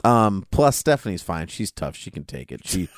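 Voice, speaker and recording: A man co-hosting a podcast in casual chat, chatty and quick to laugh and sing a line. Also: low-pitched, big pitch swings. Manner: chatty, breaks into song and laughter. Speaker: podcast co-host.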